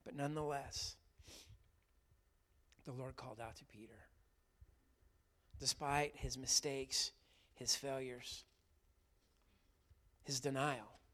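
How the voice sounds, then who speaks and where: A man preaching an Easter sermon, swinging between loud, fervent emphasis and quiet, hushed passages. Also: medium pitch, fairly even intonation, slow pace, long pauses. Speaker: pastor.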